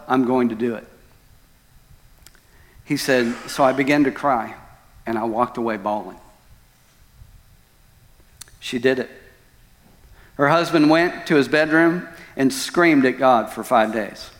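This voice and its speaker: A male pastor preaching a sermon, telling stories dramatically with loud outbursts and hushed lines. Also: mid-range voice, measured pace, long pauses. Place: church sanctuary. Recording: long church hall reverb.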